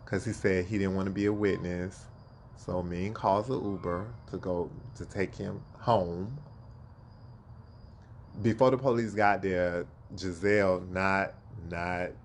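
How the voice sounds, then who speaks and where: A man casually telling a story, animated, acting out quotes and laughing at himself. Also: low-pitched, slight background noise. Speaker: storyteller guest.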